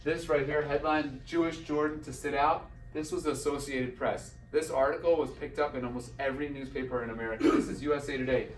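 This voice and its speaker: An animated storyteller in an event hall shares a personal anecdote briskly and with few pauses, his mid-range voice imitating the people he quotes. Slight background noise, an echoey room, and a distant mic make the recording sound open.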